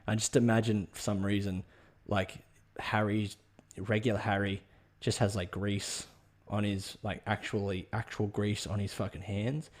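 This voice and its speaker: A man's voice: lowish voice, a little mellow. A man hosting a podcast, rambling and swearing through a comic monologue. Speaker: podcast host.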